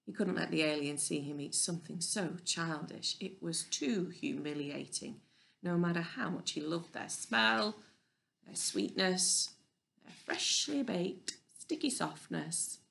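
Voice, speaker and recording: A woman reading a children's novel aloud in a clear, even storybook narration. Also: lowish voice, unhurried. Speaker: audiobook reader.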